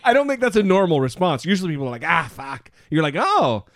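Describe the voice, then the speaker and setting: A man hosting a podcast, teasing and joking through relaxed chat with a lively, swinging delivery and a slightly high voice. The sound is close and dry, with no room around it. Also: rapid-fire, no echo. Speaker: podcast co-host. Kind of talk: casual chat.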